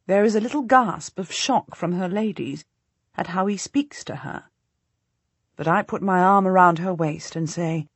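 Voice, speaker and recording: A woman reading a historical novel aloud as a first-person audiobook narrator, measured and dramatic. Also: mid-range voice, dry recording.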